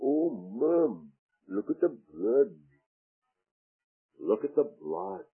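Awed little English boy, voiced by a male preacher mid-sermon, quiet exclamations, lo-fi radio sound. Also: on the high side, wildly swooping pitch, extremely slow, creaky, slightly rough, exaggerated voice. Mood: hushed awe. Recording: tinny phone-like radio broadcast.

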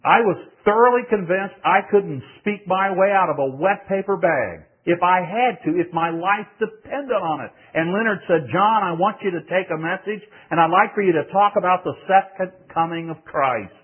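An older man preaches in an animated storytelling voice, rising loud and dropping to a hush. His tone is husky and a little high. The sound is thin and tinny, like a phone line. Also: normal speed, few pauses. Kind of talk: sermon testimony.

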